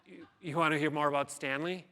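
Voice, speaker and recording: A man's voice: on the high side, fairly even intonation, a little fast, bright, forceful tone. A man giving a keynote speech, telling a story dramatically and acting out the people in it. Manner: dramatic storytelling with quoted voices. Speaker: keynote speaker. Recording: long hall reverb.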